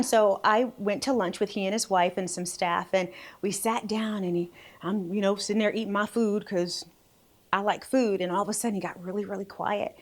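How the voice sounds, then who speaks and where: A woman in her forties hosting a casual faith vlog, chatty and quick to laugh at herself. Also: medium pitch, steady tone. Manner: chatty, laughing, self-deprecating. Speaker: vlog host.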